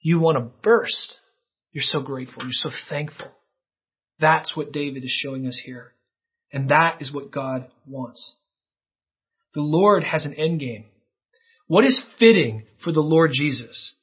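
A man preaching a sermon, earnest and dramatic, with his voice leaping up and then dropping to a hush as he tells a story. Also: on the high side, measured pace, slightly rough. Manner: earnest, dramatic storytelling with sudden rises and hushed drops. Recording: dull lo-fi sound.

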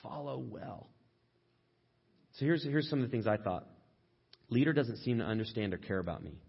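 A man preaching a sermon as pastor, in a conversational way, sometimes acting out quoted complaints in a higher voice. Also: lively intonation, fast, breathy edge, dull audio.

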